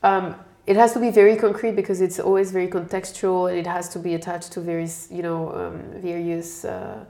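A woman's voice: fairly low pitch, level tone, brisk, few pauses, warm tone. A woman from France, answering interview questions in a thoughtful, explanatory way. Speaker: guest expert. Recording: echoey room.

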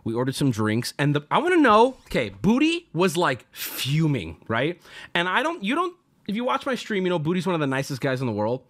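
A man in his thirties casually telling a story to his stream, swearing freely and acting out his friends' lines in a lower voice. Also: wildly swooping pitch, fairly quick, fairly bright tone.

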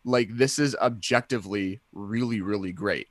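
A man's voice: lowish voice, moderate pace, no echo. A young adult man co-hosting a casual podcast chat, rambling enthusiastically with many fillers and restarts. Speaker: podcast co-host.

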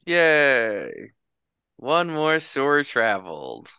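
A man's voice: mid-range voice, wildly swooping pitch, extremely slow, vocal fry, bright, forceful tone, clear, resonant tone, no echo, muffled recording. A man playing a tabletop game over an online call, making laid-back, joking remarks. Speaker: player. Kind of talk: casual tabletop play. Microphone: home microphone on an online call.

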